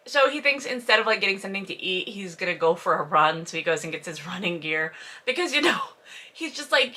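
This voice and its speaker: A woman's voice: fairly high pitch, lively intonation, normal speed, pushed and bright. A woman hosting a casual commentary where she reads and roasts a novel, speaking with a lisp and a stutter in a sarcastic, profane, exasperated way. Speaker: host reading and roasting a novel.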